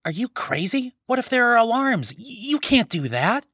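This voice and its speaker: A man's voice: animated, no echo, studio quality, natural voice. A man voicing a small, nervous young male villager who chatters and fires off worried questions in a raised voice. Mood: panicked. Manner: high-strung, rapid worried questions.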